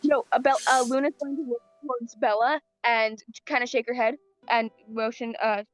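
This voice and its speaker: A woman playing a tabletop game, describing her character's actions haltingly with many fillers. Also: fairly high pitch, fairly even intonation, lo-fi sound, soft background music. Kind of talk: casual game talk.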